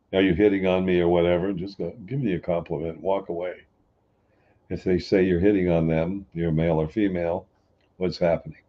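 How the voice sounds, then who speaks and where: A man talking in a folksy, plain-spoken way, joking lightly as he explains. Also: low voice. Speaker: speaker answering a question. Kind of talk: relaxed spoken talk. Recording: dull lo-fi sound.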